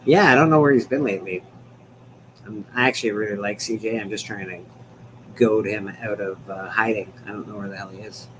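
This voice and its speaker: A man's voice: on the low side, moderate pace, long pauses, slight background noise, low-quality recording. A man hosting a casual livestream chat from home, rambling, laughing often and swearing now and then. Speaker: livestream host.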